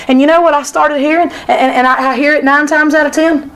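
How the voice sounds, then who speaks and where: A woman's voice: high-pitched, fairly even intonation, fast, a bit bright, poor audio. A woman teaching a women's Sunday school class in a church, emphatic and repetitive in her delivery. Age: adult, former sixth-grade teacher.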